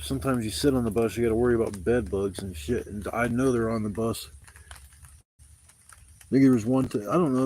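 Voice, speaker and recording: A man livestreams from a campsite outdoors in the rain, telling rambling stories in laid-back, slangy talk full of swearing. His voice is on the low side with a dark tone, and faint rain adds slight background noise to the casual storytelling.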